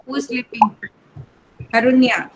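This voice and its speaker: A woman teacher, calling the roll in an online class in a brisk, matter-of-fact way. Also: high-pitched, flat delivery, a little hiss or hum, rough recording. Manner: reads names one by one in a brisk, matter-of-fact way.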